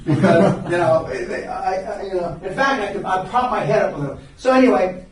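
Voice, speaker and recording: An older man speaks with a fairly high voice, telling blunt, profane stories to a seminar room and often breaking off to restart his sentences. He is captured from a distance, and the room's strong echo rings around every line. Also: moderate pace, a little hiss or hum. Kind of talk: live seminar storytelling. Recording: very echoey room, recorded from far off.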